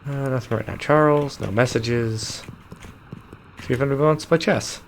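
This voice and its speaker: A man's voice: medium pitch, moderate pace, slight background noise. A man streaming a game live, reading the game text aloud with amused asides and chuckles. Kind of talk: live gameplay commentary.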